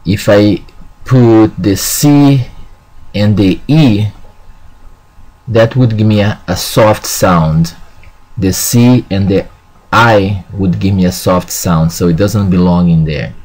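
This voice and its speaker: Low-ish guy teaching spanish basics, really slow, says okay a lot, sounds out every word. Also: darkish tone. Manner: slow, repeats "okay" often, models words slowly. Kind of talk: classroom lesson.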